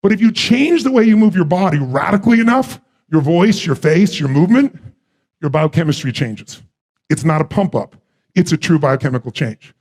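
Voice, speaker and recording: Gravelly, husky-voiced motivational speaker man. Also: a little high, moderate pace. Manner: energetic, fires rhetorical questions at the crowd; at times shouts to rouse the audience. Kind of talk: live motivational seminar. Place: large seminar stage before an audience.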